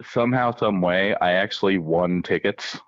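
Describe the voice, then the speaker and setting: A man from Iowa calling in to a radio show, a former producer, chatting in a halting way full of fillers. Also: low-pitched, dry recording, lo-fi sound. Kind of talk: casual radio chat.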